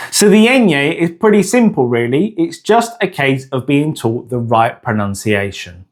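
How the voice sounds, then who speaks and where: Man teaching with a lively, slow voice. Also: on the high side. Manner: clear, deliberate, drawing out example words slowly. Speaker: language teacher. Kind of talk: scripted pronunciation lesson.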